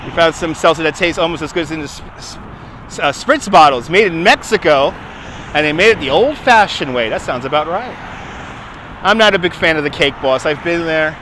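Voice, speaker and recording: A man with a fairly high, bright and forceful voice hosts a relaxed outdoor livestream, chatting away and responding to viewer comments. He records on a phone mounted on a handheld gimbal while walking a city waterfront, with faint outdoor noise behind him. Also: normal speed. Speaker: livestream host. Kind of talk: casual livestream chat.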